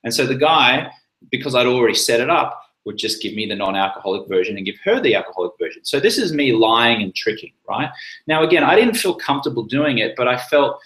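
A man's voice: mid-range voice, lively intonation, quick pace, fairly bright tone, roomy sound, rough recording. A man hosting a live chat, telling a personal story in a rambling, casual way with many fillers and restarts. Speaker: livestream host.

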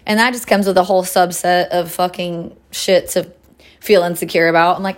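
A woman in her late twenties hosting a solo podcast, talking loosely and profanely with lots of fillers, relaxed as she sips tea between thoughts. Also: lowish voice, moderate pace. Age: late 20s. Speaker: podcast host. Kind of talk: casual solo chat.

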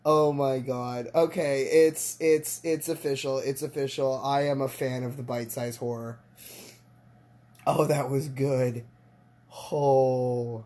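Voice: medium pitch, fairly even intonation, unhurried, darkish tone. A podcast host giving a casual, exclamation-filled reaction commentary, laughing and repeating phrases. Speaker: podcast host reacting to a short horror film.

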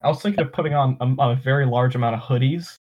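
A man's voice: medium pitch, quick pace, darkish tone, muffled recording. A young man co-hosting a casual podcast chat, often laughing and joking. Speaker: podcast co-host.

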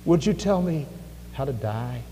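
A man in a church voicing a frightened, dying young soldier who begs, hushed and pleading, to be told how to die. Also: mid-range voice, expressive, unhurried, natural voice. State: weak, dying. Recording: echoey hall with faint music.

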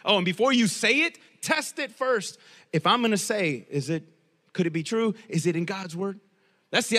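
High, bright-voiced preacher man in a hall. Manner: lively, joking asides, repeats key phrases. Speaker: pastor. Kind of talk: sermon.

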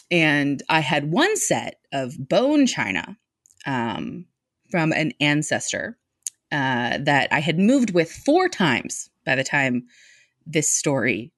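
A woman tells a comic personal story to a live audience, mocking herself as she goes. Her voice sits a little low but swings widely in pitch, lively from phrase to phrase. The sound is close and dry, with no room around it. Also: no room sound. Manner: animated, self-mocking, laughs mid-sentence.

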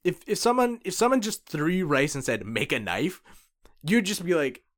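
A man's voice: high-pitched, sing-song, a little fast. A man co-hosting a podcast in casual chat, emphatic and profane as he riffs on a topic. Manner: emphatic, swearing, riffing. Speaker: podcast co-host.

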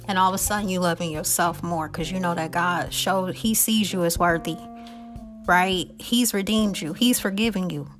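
A woman hosting a faith-based motivational talk, earnest and heartfelt, often checking in with the listener and adding quick self-aware asides. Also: lowish voice, steady tone, soft background music. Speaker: podcast host.

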